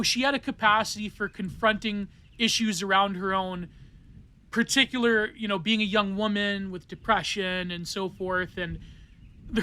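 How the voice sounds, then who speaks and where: A man's voice: high voice, pushed and bright, clear, resonant tone. A man hosting a solo podcast, rambling through art theory with many fillers and restarts. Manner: rambling, digressive, many fillers and self-corrections. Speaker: podcast host.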